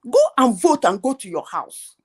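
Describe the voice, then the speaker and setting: A woman's voice: on the high side, sing-song, moderate pace, a little mellow, breathy edge. A woman hosting a heated live debate, insistent and emphatic, firing rhetorical questions. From Nigeria.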